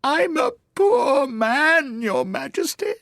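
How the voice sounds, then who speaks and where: A jittery male hatter pleads in a trembling, squeaky voice. The voice sits far above the man's own and wobbles all over. Dry, close recording. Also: sing-song, takes it slowly, a bit bright, no echo, exaggerated voice. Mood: anxious. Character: timid, nervous male hatter. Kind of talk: audiobook character voice.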